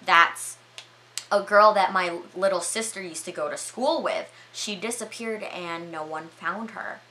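A woman's voice: lowish voice, unhurried, sharp tone, a little hiss or hum. A woman doing a nervous young man. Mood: alarmed.

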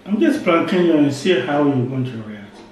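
A man's voice: fairly high pitch, animated, moderate pace. A man from Ghana, a vlogger, teasing and coaxing his wife in casual chat. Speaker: vlogger, husband. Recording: echoey room, far from mic, noisy.

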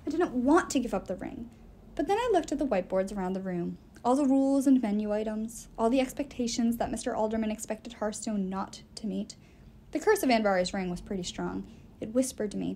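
A woman reading a novel aloud in an expressive, animated storytelling way. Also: on the high side, slight background noise. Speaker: reader.

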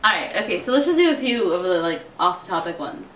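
A woman's voice: fairly low pitch, big pitch swings, fast talker, a bit bright, reverberant, far from the mic, slight background noise. A British woman hosting a casual vlog, laughing often and tripping over her words. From Britain. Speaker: vlog host. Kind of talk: casual chat, giggly.

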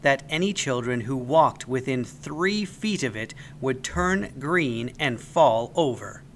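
A man reading a children's story aloud as the storyteller, with an expressive, animated delivery. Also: medium pitch, slow pace, a little hiss or hum.

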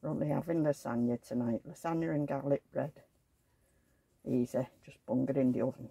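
A woman's voice: rumbling low, brisk, gravelly, dark tone, husky, dry recording. A woman vlogger in casual chat at home, rambling along and cooing at the dolls she dresses. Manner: rambling, chatty, coos at dolls.

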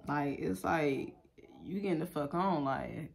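A woman's voice: deep voice, unhurried, creaky. A woman giving a casual tarot reading, talking bluntly and profanely in a loose, chatty way. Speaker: tarot reader.

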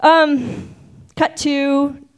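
A woman's voice: high-pitched, steady tone, extremely slow, creaky. Chatty woman in her forties telling a story. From Oregon, United States. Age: 40s. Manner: chatty and self-mocking, many ums. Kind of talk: live personal storytelling to an audience. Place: stage at a live storytelling event.

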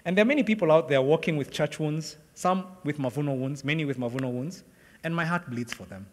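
A middle-aged pastor with a voice on the high side speaks at a quick pace, preaching and recounting something from his own life. He acts out the conversations and laughs often, his words echoing through a large sanctuary with long reverb.

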